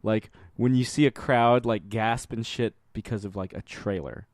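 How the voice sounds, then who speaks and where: A man's voice: on the low side, steady tone, moderate pace, dry recording, clean studio sound. A man co-hosting a podcast, rambling loosely through casual chat, laughing often and swearing now and then. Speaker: podcast co-host.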